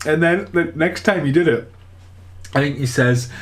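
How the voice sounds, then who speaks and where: A man rambling through casual vlog outtakes at home, telling stories in an excitable way with some swearing. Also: a little high, moderate pace. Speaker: vlogger. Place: home, partly in the attic.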